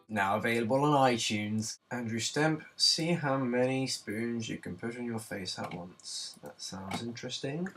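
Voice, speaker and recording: A young man hosting his own vlog at home in a goofy, self-mocking, excitable way. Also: medium pitch, measured pace, few pauses, recorded from a distance, music in the background. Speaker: vlogger host. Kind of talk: jokey casual vlog.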